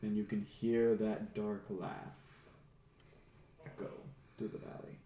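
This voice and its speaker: Slow, ominous game master man. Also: lowish voice, level tone, warm tone, echoey room, muffled recording, slight background noise. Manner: slow, dramatic, ominous narration. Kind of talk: narrating a tabletop game.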